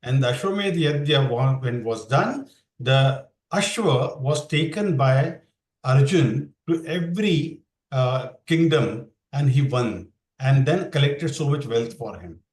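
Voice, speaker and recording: A man's voice: mid-range voice, animated, unhurried, darkish tone, echoey room, low-quality recording. A man teaching a scripture class online, explaining verses and asking his students questions. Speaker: Bhakti yoga teacher.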